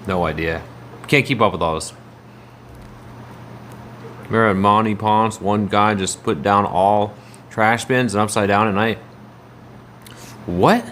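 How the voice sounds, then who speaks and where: Casting: man, low-pitched voice, loose and rambling livestreamer who answers his chat. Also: unhurried, long pauses, fairly bright tone, slight background noise.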